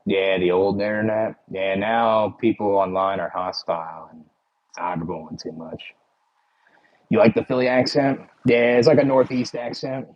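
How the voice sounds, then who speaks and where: A man's voice: on the low side, level tone, moderate pace, highs cut off. A man with a Philadelphia accent chatting casually with his livestream viewers, rambling and full of "like" and "you know".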